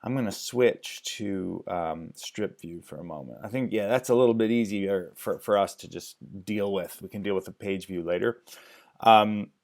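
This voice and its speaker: Male music instructor, lowish voice, halting think-aloud demo delivery with frequent ums. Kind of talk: screen-share lecture demo.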